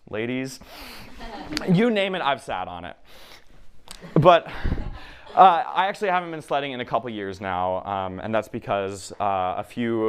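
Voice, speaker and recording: A young man from Minnesota performing a stand-up comedy set, telling a self-deprecating story with halting pauses and many fillers. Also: fairly low pitch, clean tone. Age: young adult.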